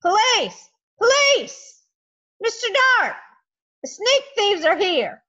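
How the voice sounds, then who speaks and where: A woman voicing a young boy hero who yells for the police in a loud, shrill voice. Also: big pitch swings, takes it slowly, full character voice. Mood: shouting alarm. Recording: dull lo-fi home recording.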